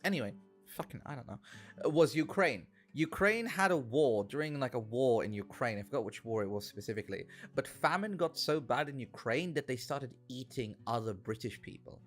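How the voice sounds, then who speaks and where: Male streamer, casual gaming chat, animated rambling storyteller, frequent swearing, lively pitch. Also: brisk, faint music behind.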